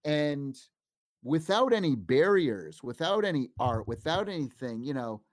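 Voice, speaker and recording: A man in his fifties, a sound designer being interviewed, telling animated stories and acting out what others said. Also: on the high side, unhurried, dry recording, studio quality. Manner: animated anecdotes, acts out quoted dialogue. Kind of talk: casual interview storytelling.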